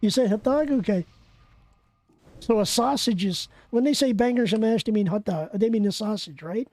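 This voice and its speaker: A streamer giving excitable, profane live commentary while playing a game and bantering with viewers. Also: mid-range voice, moderate pace, no echo. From Canada.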